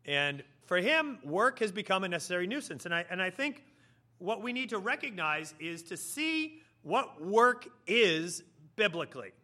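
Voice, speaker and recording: A man preaching a sermon, telling a story with lively, animated delivery and putting on voices for the characters. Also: sits high, normal speed. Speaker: pastor.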